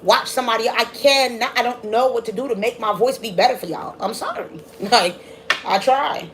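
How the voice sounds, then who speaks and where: Woman, tarot reader on a live stream; fast, casual, chatty delivery, faint background noise. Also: fairly high pitch.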